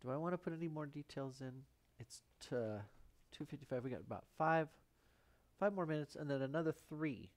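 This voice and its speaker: A man's voice: a little high, animated, brisk. A man hosting a live painting stream, thinking aloud in rambling, self-mocking asides as he works. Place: painting studio.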